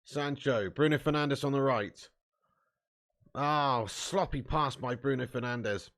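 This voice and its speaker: A man hosting a live football watch-along, commenting on play, cheering loudly and chatting casually with viewers. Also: mid-range voice, takes it slowly. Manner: excitable, bursts into loud cheering, swears freely, chats to viewers. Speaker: fan watch-along host.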